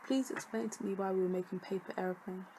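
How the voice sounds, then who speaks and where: A woman's voice: mid-range voice, steady tone, fast talker, mellow, a little hiss or hum, rough recording. A young woman, a student vlogger chatting casually to camera, sassy and jokey with lots of laughing asides. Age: young adult.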